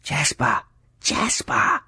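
A man's voice: extremely slow, no room sound, full character voice. A man voicing an urgent teenage boy who whispers through a window in an audiobook reading. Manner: hushed, pressing whisper.

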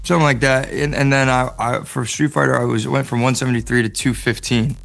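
An American actor speaking as an interview guest, laid-back and playful, with casual slang and many fillers. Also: male voice, mid-range voice, flat delivery, a little fast, vocal fry, a bit bright, soft background music.

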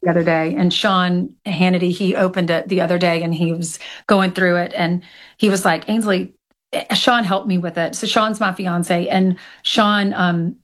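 A woman's voice: fairly low pitch, steady tone, normal speed. A woman being interviewed about her children's book, speaking in an earnest, candid and talkative way. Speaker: guest author of a children's book. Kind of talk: conversational interview.

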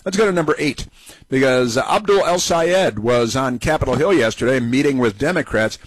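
A middle-aged man hosts an opinionated talk radio show. He jabs in sarcastic, scornful asides, and his voice sits at a middle pitch. The sound is dry and close, with no room around it. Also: moderate pace, no room sound, poor audio.

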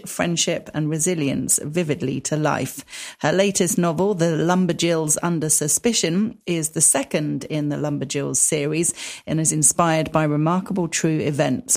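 A woman's voice: deep voice, darkish tone. A woman hosting a radio book show, interviewing authors and reading guest introductions.

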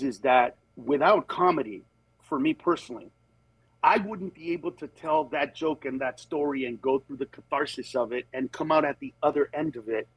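A man who works as a comedian, telling candid stories in conversation and moving between animated voices and earnest, steady points. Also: fairly high pitch, husky, dry recording, low-quality recording. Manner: animated, jumps into voices of other people mid-story. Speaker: comedian guest.

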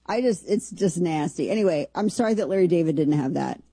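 Low husky woman host, dry sound. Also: expressive, fairly quick, mellow, no echo. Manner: rambling, sarcastic asides. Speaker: show host. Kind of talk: casual political commentary.

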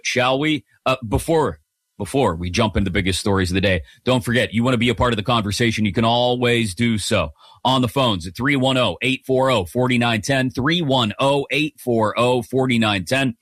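Sports radio guy, energetic host talk, dry studio mic, mid pitch. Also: no room sound. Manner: upbeat, energetic broadcaster delivery. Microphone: studio broadcast microphone.

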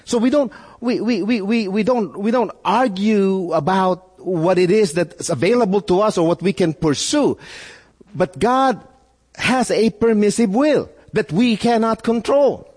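A male pastor preaching a sermon, animated, with repeated phrases and rhetorical questions. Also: high-pitched, measured pace, slightly rough, in a large hall.

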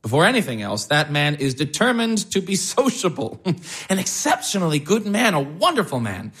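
An actor playing a fussy, cheerful schoolteacher and doting husband who chuckles often. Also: male voice, a little high, big pitch swings, normal speed, fairly bright tone, slightly rough, exaggerated voice. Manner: chuckling, chatty. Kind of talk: stage drama acting.

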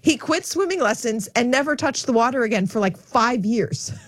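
A woman in a casual chat, telling a story in an expressive, lively way. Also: fairly high pitch, moderate pace, dry recording.

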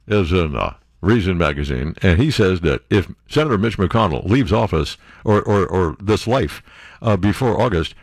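A man's voice: on the low side, husky, dry recording. A man hosting a talk radio show, riffing sarcastically and breaking into sing-song bits. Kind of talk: opinionated talk radio monologue. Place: radio studio.

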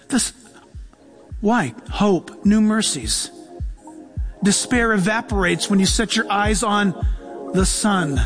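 A man's voice: high voice, takes it slowly, pauses often, faint music behind. A male pastor giving a sermon, telling stories with humor and laughing often.

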